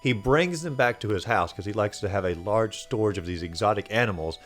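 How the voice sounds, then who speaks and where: Fast-talking casual gaming narrator man. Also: fairly low pitch, fairly bright tone. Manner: casual, rambling, frequent fillers. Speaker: host. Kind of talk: video game playthrough recap.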